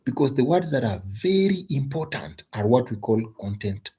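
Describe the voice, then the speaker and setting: A man's voice: mid-range voice, big pitch swings, moderate pace, mellow, slightly rough. A man teaching an exam tutorial, stressing and repeating key points and asking rhetorical questions. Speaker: English teacher.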